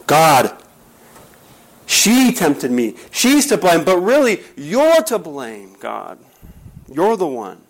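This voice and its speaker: Defensive Adam, pleading and accusing, played by a preacher. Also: male voice, fairly high pitch, huge pitch swings, slow pace, heavily acted. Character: defensive Adam blaming Eve and God.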